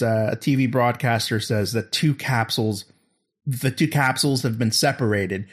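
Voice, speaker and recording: A man in a casual podcast chat, retelling an episode in a rambling way and acting out the characters' lines. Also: mid-range voice. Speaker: podcast host.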